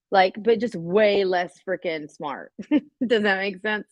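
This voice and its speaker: A woman's voice: mid-range voice, slow, no echo. A woman hosting a casual livestream, rambling and swearing as she talks straight to her viewers. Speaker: livestream host. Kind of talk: casual live-stream chat.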